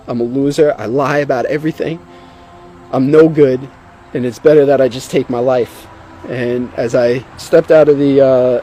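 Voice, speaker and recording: A man's voice: a little high, mellow. A man telling his own conversion story in an earnest, emotional way. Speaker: testimony speaker. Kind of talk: personal testimony.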